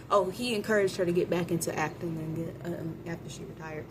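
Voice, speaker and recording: A woman giving a casual, animated movie review, chatting with viewers and acting out characters' lines in quick voices. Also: fairly low pitch, noisy background. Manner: chatty, addresses viewers as y'all.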